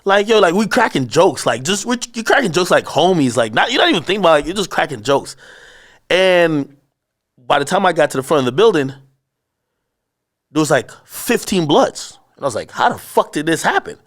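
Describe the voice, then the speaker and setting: A man telling a story in a casual interview, cursing freely and acting out shouted lines from the people in it. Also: a little high, moderate pace. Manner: animated storyteller, acts out shouted quotes; profane, slangy. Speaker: interview guest.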